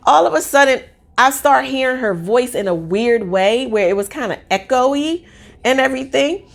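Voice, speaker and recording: A woman in her forties telling a personal story in a casual, rambling, excitable way with lots of fillers. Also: sits high, normal speed, gravelly.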